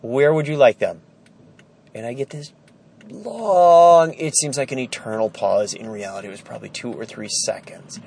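A man's voice: mid-range voice, expressive, moderate pace, vocal fry, darkish tone, slight background noise. Exasperated man telling a wry story. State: stressed and tired. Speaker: vlogger. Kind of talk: casual storytelling vlog. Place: indoor storage warehouse. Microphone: phone held while walking.

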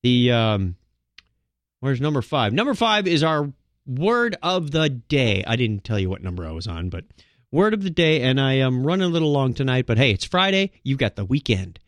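A man's voice: mid-range voice, very animated, normal speed, no echo, clean studio sound. A man hosting a solo podcast, talking casually and rambling, with frequent restarts. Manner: rambling, with many restarts and filler words. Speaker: podcast host.

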